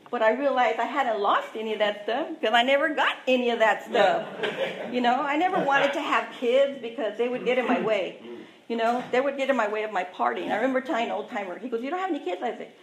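A woman's voice: fairly high pitch, slight background noise. A woman sharing her own recovery story, candid and self-mocking, chatty with lots of asides. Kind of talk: personal recovery testimony. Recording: echoey room.

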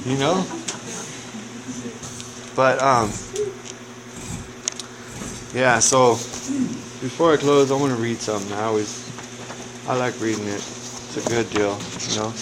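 A man's voice: fairly high pitch, a bit bright. A man giving a candid personal recovery testimony with casual profanity and lots of conversational asides. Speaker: recovery speaker. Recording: noisy recording. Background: noise.

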